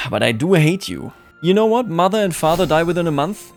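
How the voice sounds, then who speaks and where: A man's voice: fairly high pitch, big pitch swings, fairly quick, creaky, faint music behind. Joking male let's-play commentator. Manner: sarcastic, jokey, laughs often. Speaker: gaming YouTuber.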